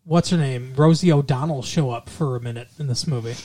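A man co-hosting a casual movie review podcast, rambling and joking, slipping into quick impressions. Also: medium pitch, mellow. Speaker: podcast co-host.

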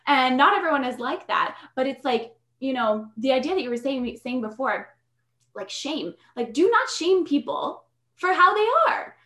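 Podcast guest, young woman, upbeat and talkative, a bit higher pitched. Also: big pitch swings, moderate pace, sharp tone. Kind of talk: casual podcast conversation. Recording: roomy echo.

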